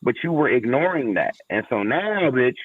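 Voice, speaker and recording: A man's voice: medium pitch, sing-song, normal speed, slightly rough, no room sound. Blunt man on a tinny phone line. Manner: emphatic, blunt, building to a punchline. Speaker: podcast co-host. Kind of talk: casual relationship podcast discussion.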